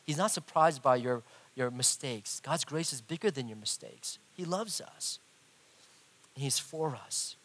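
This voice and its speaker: A middle-aged man preaching a sermon, telling a personal story in an animated way and acting out the voices. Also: mid-range voice, measured pace, slight background noise. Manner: animated, acts out voices, big swings in loudness. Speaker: pastor.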